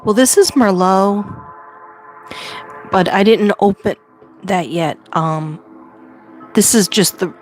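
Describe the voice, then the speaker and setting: A woman's voice: medium pitch, slow, long pauses, soft background music. A woman hosting a casual livestream from home, chatty and rambling, laughing often. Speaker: livestream host.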